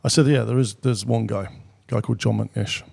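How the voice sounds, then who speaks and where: British guy in his middle years spinning a yarn, low gravelly voice, chatty asides. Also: steady tone, darkish tone. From Britain. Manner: anecdotal, quick asides, swears casually. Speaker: guest, former military pilot. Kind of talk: casual storytelling.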